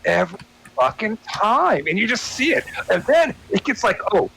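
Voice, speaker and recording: A US man on someone's stream rambles through a curse-laden rant, often restarting his sentences. His high voice swings widely in pitch at normal speed, with vocal fry, a breathy edge and a pushed, bright quality, all on a low-quality recording.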